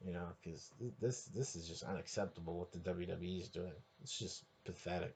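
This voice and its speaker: A man hosting a podcast, ranting crudely and heatedly, rambling with restarts and sudden bursts of near-shouting. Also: low-pitched, a little fast, gravelly, a little hiss or hum. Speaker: podcast host. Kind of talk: profane solo rant.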